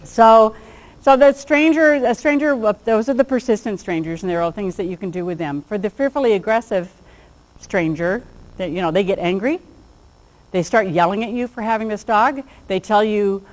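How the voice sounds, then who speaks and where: A woman gives a relaxed lecture to a class on handling dogs. She keeps it chatty and acts out little exchanges as she goes. Now and then she laughs at her own jokes. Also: medium pitch, normal speed, rough recording. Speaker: dog behavior trainer.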